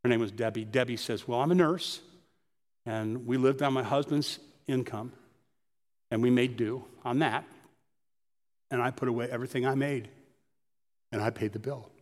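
A pastor telling personal stories in a conversational sermon. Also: male voice, mid-range voice, normal speed, pauses often, a little mellow, in a large hall. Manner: storytelling, conversational.

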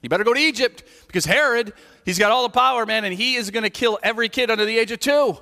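A man voicing an urgent angel who warns a man to flee, speaking in hurried, casual slang. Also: extremely high pitch, vocal fry, pushed and bright, in a large hall, voice pushed up, full character voice.

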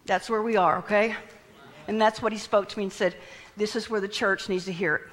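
A woman's voice: medium pitch, fairly even intonation, a little fast, a bit bright. A woman preaching a sermon who acts out the prayers she quotes and drops some lines to a near whisper. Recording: long reverb of a large hall.

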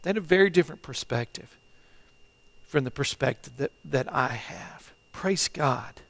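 A middle-aged man preaching a sermon as pastor, earnest and halting, often repeating phrases and swinging between loud and hushed delivery. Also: mid-range voice, expressive, creaky. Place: church, online service.

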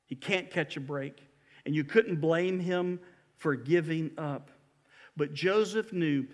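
A male pastor with a high-pitched voice preaches with animated, emphatic storytelling. He leans hard on key phrases and speaks from inside a church building. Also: long reverb tail. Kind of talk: sermon.

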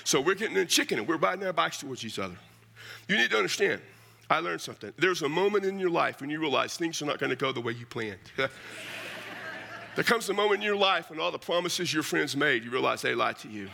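Gravelly, bright-voiced folksy preacher man. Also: on the high side, lively intonation, fast talker. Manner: folksy and humorous, addresses listeners as "man". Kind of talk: storytelling sermon.

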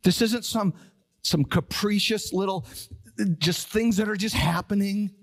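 A male pastor preaching a sermon, reading scripture low and solemn, then building to urgent, rising appeals. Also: unhurried. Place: church sanctuary.

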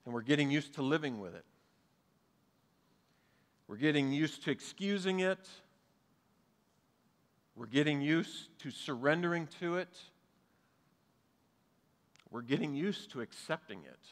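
A man's voice: a little high, animated, a little slow, pauses often. A man, preaching a sermon as pastor to a live and online congregation, earnest and conversational with touches of humor. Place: church sanctuary, live and streamed. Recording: long hall reverb.

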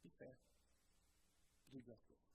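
A male pastor preaching a sermon in a conversational way, repeating key phrases and growing louder and higher when stirred. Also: slow pace, background noise.

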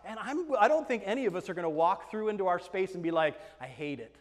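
A male pastor delivers an emphatic sermon in a high-pitched voice. He drops to hushed tones and rises to loud, stressed lines. His voice rings with the long reverb of a big hall. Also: animated, fast. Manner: emphatic, swings between hushed and loud passages.

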